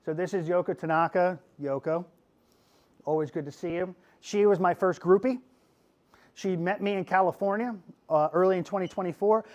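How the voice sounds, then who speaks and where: Goofy, animated man teaching a class. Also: sits high. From Pennsylvania. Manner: goofy, animated, asks "okay?" often. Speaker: podcast host giving a class talk. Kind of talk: lively classroom presentation.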